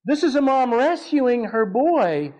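A man in his fifties preaching a sermon, telling a family story with animated delivery and leaps of voice for dramatic quotes. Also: very high-pitched, slow pace, low-quality recording.

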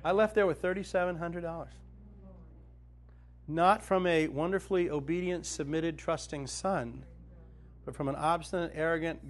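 A man's voice: on the high side, moderate pace. A male Christian speaker and author telling a personal faith story to a group, acting out the dialogue with self-mocking humor.

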